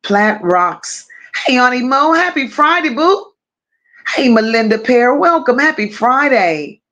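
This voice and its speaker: A woman's voice: sits high, animated, a little slow, a bit bright. A woman hosting a casual livestream, affectionately greeting viewers one by one and reading their comments aloud. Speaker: livestream host.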